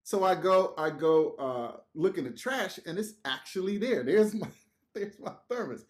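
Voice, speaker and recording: Animated man telling a work story. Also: sits high, unhurried. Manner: animated, acts out quotes, swears, laughs. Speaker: podcast guest. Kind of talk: casual storytelling.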